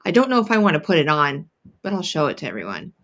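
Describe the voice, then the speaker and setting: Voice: mid-range voice, wildly swooping pitch, quick pace, fairly bright tone. A co-host chats casually over a livestream, easygoing and talkative. Now and then the voice slides into a nasal way of saying things. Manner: chatty, slips into a nasal family accent for fun.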